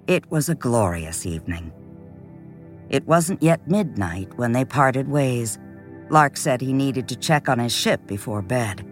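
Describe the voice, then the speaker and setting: A man reading a novel aloud in measured scripted narration, lifting his voice for quoted characters. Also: mid-range voice, expressive, soft background music. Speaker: audiobook narrator.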